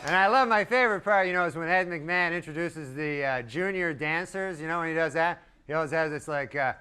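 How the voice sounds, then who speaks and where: A man doing a stand-up comedy set in a deadpan, rambling way with long asides. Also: fairly high pitch, a little fast, smooth. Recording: live club recording with crowd laughter and noise. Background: audience laughing.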